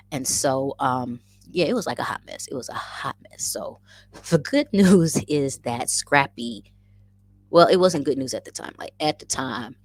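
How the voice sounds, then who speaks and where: A woman in her forties tells a story to her viewers with animated, self-mocking energy. Her voice sits unusually low and sounds raspy and breathy. The recording is dry and close, with no room sound. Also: normal speed, no room sound. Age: 40s. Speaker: vlogger and rabbit farmer. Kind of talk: casual storytelling.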